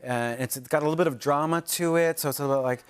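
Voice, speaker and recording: A man chatting as a guest on a talk show in a dry, deadpan way. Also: fairly high pitch, fast, smooth. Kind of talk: casual chat. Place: TV studio with live audience. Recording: studio audience and room noise.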